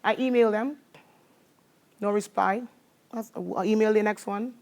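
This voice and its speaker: A motivational speaker with a Trinidadian accent gives an animated talk to a live audience, sharing her story and drawing call-and-response from the crowd. Her voice is medium-pitched, at normal speed.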